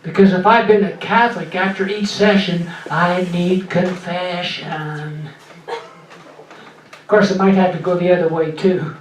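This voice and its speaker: An older man doing stand-up in a small club, with a weak, breathy voice after voice surgery and slow deadpan one-liners. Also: high-pitched, slight background noise. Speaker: stand-up comedian. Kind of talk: stand-up set. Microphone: handheld mic through a loud PA. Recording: echoey club recorded from far off.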